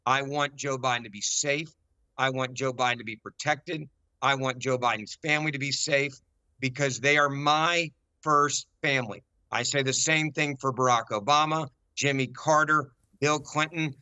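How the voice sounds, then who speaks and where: An American man arguing forcefully as a guest on a political debate show, emphatic and repeating his key points. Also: medium pitch, steady tone, normal speed, clear, resonant tone, dry recording. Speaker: panel guest.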